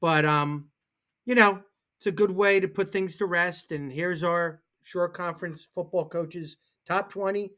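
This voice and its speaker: Speaking unhurriedly in a high voice, a man co-hosts a relaxed sports talk program. His stories come alive as he animatedly plays the parts of the people he quotes.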